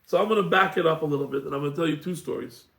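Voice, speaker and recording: A man, a rabbi, giving a casual class and telling stories, acting out the people in them with animated voices. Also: on the high side, very fast, gravelly. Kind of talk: casual Torah class with storytelling. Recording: echoey room.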